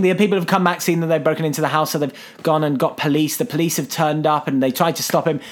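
A man's voice: fairly high pitch, fast talker, hardly any pauses. A man, casually retelling a film plot on a podcast and jumping into silly voices. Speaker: podcast co-host. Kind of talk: casual chat.

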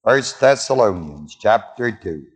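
A man's voice: on the low side, animated, measured pace, breathy edge. A man preaching a sermon, quizzing his congregation with call-and-response questions. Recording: long hall reverb.

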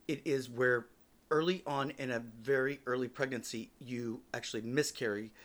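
Casual, joking man telling stories. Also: medium pitch. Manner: casual, joking, swears freely. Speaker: podcast host.

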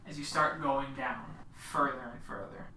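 Low-voiced woman storyteller, slow descriptive narration, roomy distant mic. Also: fairly even intonation, bright, forceful tone, slight background noise. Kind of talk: narrating a tabletop game.

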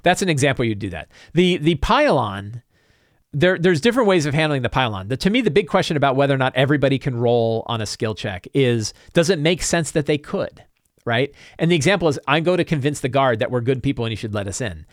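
A man hosting a talk show, chatting casually and answering viewer questions in a rambling, animated way. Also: medium pitch, fast, dry recording, studio quality. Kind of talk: casual chat.

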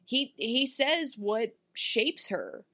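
A woman's voice: a little high, big pitch swings, very slow, bright, forceful tone. A woman in casual chat, gushing about a TV episode with lots of "like" and playful asides. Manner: gushing, filler-heavy, slips into silly acted voices.

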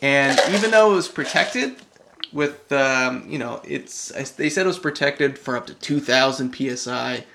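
A man's voice: medium pitch, moderate pace, gravelly, pushed and bright, a little hiss or hum. A man, rambling loosely and swearing casually in a casual podcast chat.

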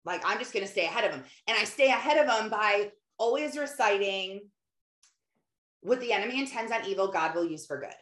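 Brief: animated woman, casual faith talk, lively delivery, roomy echoey room. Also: medium pitch, brisk. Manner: animated, often acts out quotes, many fillers. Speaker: mother and Christian speaker. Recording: roomy echo.

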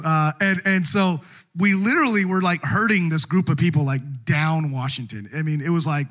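A middle-aged pastor delivers a sermon fairly quickly in a bright, fairly high voice. Animated in his storytelling, he breaks into laughter frequently along the way.

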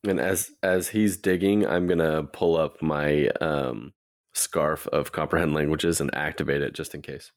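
A man's voice: a bass voice, steady tone, a little slow, no echo, studio quality. A man playing a tabletop game, chatting casually and a little hesitantly. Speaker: player.

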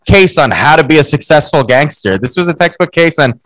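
A middle-aged man and comedian, a guest on a podcast, explaining his points in an animated way. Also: fairly high pitch, brisk, no room sound, low-quality recording. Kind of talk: casual interview chat.

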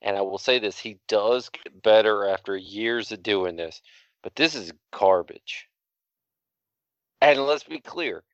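A man's voice: fairly low pitch, unhurried, dry recording, muffled recording. A man hosting a casual podcast, blunt and sarcastic. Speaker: podcast host. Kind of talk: casual chat.

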